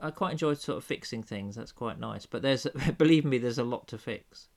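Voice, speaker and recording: A man's voice: medium pitch, brisk, gravelly, a little mellow. A tired man hosting a casual podcast chat from an old house, with dry, wry humour and hesitant fillers. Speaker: podcast host.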